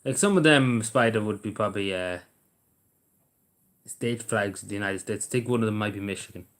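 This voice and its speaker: A man's voice: on the low side, brisk, fairly bright tone. An Irish man hosting a live stream, chatting casually in a blunt, rambling way and swearing freely, recorded on a camera mic indoors. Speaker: livestream host. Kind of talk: casual chat to a live audience.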